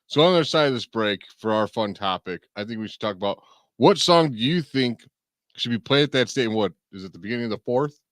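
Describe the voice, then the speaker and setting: A man's voice: medium pitch, expressive, fast, fairly bright tone, dry recording, clean studio sound. A man hosting a sports talk show, easygoing and joking as he talks with his co-host.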